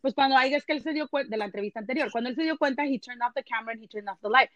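High-voiced woman telling a story. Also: rapid-fire, dry recording, muffled recording. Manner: animated, switches between English and Spanish. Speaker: entertainment journalist guest. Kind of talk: casual storytelling chat.

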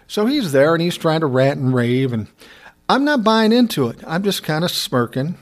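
Brief: middle-aged guy, wry storyteller, laughs a lot, lively pitch. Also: moderate pace. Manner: wry, laughing, self-described smart aleck. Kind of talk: casual storytelling.

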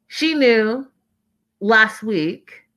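A woman's voice: fairly high pitch, expressive, drawn-out words, a bit bright. A woman giving a casual, opinionated recap of a reality TV show, stressing points by repeating words.

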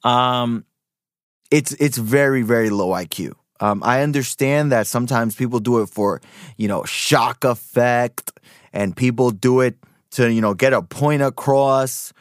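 A man's voice: medium pitch, a little slow, no room sound. A man hosting a podcast talks in loose, rambling commentary, stumbling through restarts and fillers. His voice sits in the middle of the range, and the recording is dry and close. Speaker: podcast host. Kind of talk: casual commentary.

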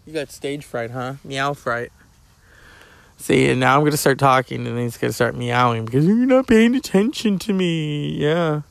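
A man's voice: mid-range voice, animated, moderate pace, creaky, no room sound. A middle-aged man hosting a podcast, rambling casually, joking and swearing while chatting to his cat. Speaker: podcast host.

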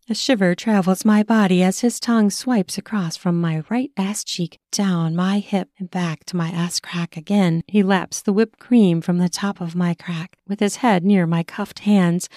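A woman narrating a first-person erotic audio story in a slow, sensual reading voice. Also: on the low side, mellow, dry recording, clean studio sound.

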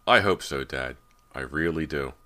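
A frightened teenage boy, as a male narrator reads him, speaks in an urgent, worried tone. The voice sits slightly higher than the deep narration around it, in a storybook horror reading. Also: normal speed, sharp tone.

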